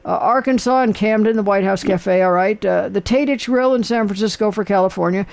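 A man's voice: high voice, fairly quick, gravelly. An older man hosting a casual talk show, rambling and chatty with lots of fillers. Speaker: radio host. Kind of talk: casual chat.

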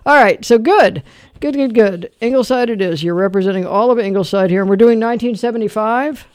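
A man's voice: high voice, brisk, smooth, no room sound. Older male radio host, chatty quiz-master, close dry studio mic. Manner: chatty, laughing storyteller, quizzing callers. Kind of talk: call-in oldies quiz show. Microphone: studio microphone.

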